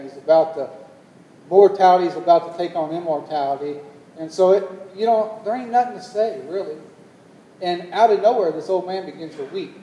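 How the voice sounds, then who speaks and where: A man preaching a sermon as pastor, telling a story and building to loud, emphatic calls to the congregation. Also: fairly high pitch, far from the mic. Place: church hall. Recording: echoey hall, long reverb.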